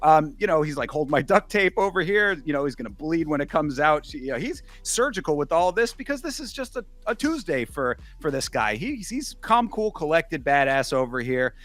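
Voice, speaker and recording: Higher-voiced man, dry sarcastic film chat. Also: animated, normal speed, hardly any pauses. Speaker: film review co-host. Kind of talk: casual film review chat.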